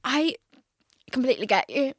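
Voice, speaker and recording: Sing-song and high, this young woman's voice flows at normal speed in a clean studio recording without room sound. Hosting her casual solo podcast, the Northern Irishwoman in her twenties is chatty and oversharing, with frequent swearing and heavy use of "like".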